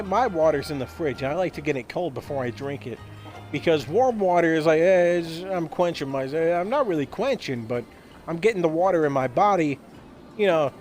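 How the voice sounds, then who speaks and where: Rambling, goofy young man. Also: on the high side. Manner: goofy, rambling, repeats words, stammers. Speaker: gaming streamer. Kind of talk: rambling comedic monologue while gaming.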